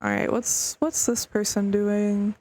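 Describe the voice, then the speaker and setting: A woman's voice: medium pitch, flat delivery, takes it slowly, a little mellow, no echo. A woman streamer wrapping up a stream in casual chat, rambling with lots of fillers and the odd curse, hiccuping.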